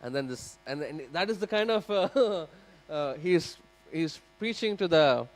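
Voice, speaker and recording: Animated man telling a temple story. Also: a little high, normal speed, rough recording. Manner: animated, acts out the characters; addresses the audience directly. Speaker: speaker giving a scripture class. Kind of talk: sermon storytelling. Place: temple hall.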